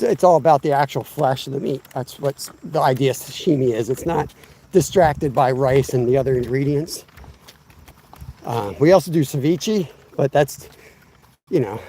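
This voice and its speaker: A mid-range, mellow voice belongs to a man in his fifties hosting a fishing stream by the water. He chats casually, rambles and jokes at his own expense, with a tripod-mounted camera picking him up.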